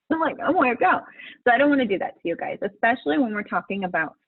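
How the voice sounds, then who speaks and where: A middle-aged woman runs a chatty, encouraging live-stream coaching session, laughing a lot as she addresses her group. Her medium-pitched, husky voice is expressive and very fast, coming through a tinny phone-like line with no room sound.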